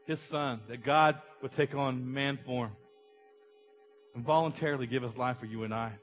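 A man's voice: mid-range voice, steady tone, moderate pace. A middle-aged man preaching a passionate sermon as a pastor, acting out an illustration with someone from the congregation.

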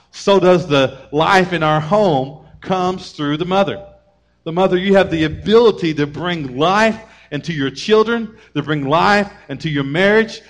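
Energetic male preacher, slightly high voice. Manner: energetic preaching, acts out family members in raised voices. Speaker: pastor. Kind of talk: sermon.

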